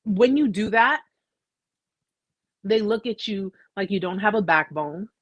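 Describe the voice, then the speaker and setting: A woman's voice: mid-range voice, expressive, measured pace, no echo, highs cut off. A woman hosting a live chat, telling her own story with emphatic repetition and frequent "okay?" asides. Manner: emphatic, repeats phrases, asks "okay?". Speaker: host sharing a survivor story. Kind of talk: emotional personal storytelling.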